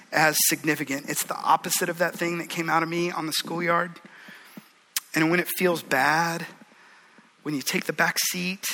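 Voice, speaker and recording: Earnest, bright-voiced preaching man. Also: high voice, poor audio. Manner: earnest, conversational, swings from hushed pleading to rising fervor. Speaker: pastor. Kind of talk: sermon.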